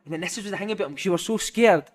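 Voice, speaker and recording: A man's voice: high voice, racing. A man in his thirties, a former footballer, telling a rambling anecdote in casual chat, sweary and laughing, calling the listener "mate" often. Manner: animated, laughing, sweary, says "mate" a lot. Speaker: podcast guest, former footballer.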